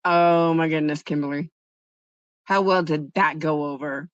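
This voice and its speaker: A woman's voice: deep voice, fairly even intonation, unhurried, dry recording. Chatty woman streamer, dull lo-fi sound. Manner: chatty storytelling, answering chat. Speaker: livestream host. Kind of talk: casual chat with live viewers.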